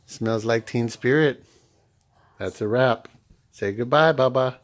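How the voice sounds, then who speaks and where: A man's voice: medium pitch, slow pace, pauses often, no room sound. A man reading a picture book aloud to his baby son in playful, sing-song baby talk, making animal noises at home.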